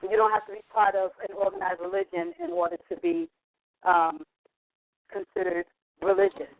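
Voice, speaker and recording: A co-host on a podcast talks through a point carefully and pauses often. The voice has a gravelly edge. It comes through thin and phone-like, with a faint hiss behind it. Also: mid-range voice, very animated. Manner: measured, explanatory, with frequent fillers. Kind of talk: casual podcast talk.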